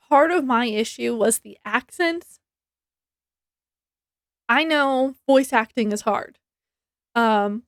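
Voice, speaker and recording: A woman talks through a book review at an unhurried pace, filling pauses with ums and restarting her sentences. Her voice sits a little high, and the recording is close and dry with no room sound. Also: no room sound. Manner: chatty, rambling, many ums and restarts; laughs easily, acts out her reactions. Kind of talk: casual book review vlog.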